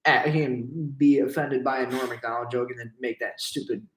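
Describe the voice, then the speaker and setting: A man's voice: mid-range voice, steady tone, a little fast, fairly bright tone, a little hiss or hum. Joke-telling young man in an echoey room. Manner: laughs at his own jokes, swears freely. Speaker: interviewer. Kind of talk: casual chat, telling a joke.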